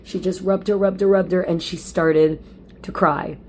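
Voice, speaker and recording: A woman with a fairly low alto voice talks casually to camera at home. Her delivery is chatty and animated, and she speaks directly to her viewers as she tells her story. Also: unhurried, a little hiss or hum. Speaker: vlogger. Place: at home, lit by window light.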